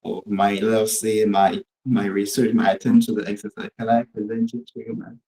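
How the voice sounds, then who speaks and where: A man's voice: lowish voice, little pitch movement, moderate pace, warm tone, rough recording. Male student presenting homework carefully. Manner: careful, methodical explanation. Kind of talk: presenting class exercise.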